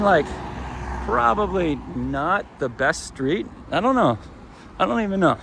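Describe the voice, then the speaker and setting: A man's voice: fairly high pitch, fairly bright tone. A man filming a casual travel vlog as he walks through a city, talking in a chatty, rambling, opinionated way. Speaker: travel vlogger. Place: city streets outdoors. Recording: street noise around the mic. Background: traffic and urban street noise.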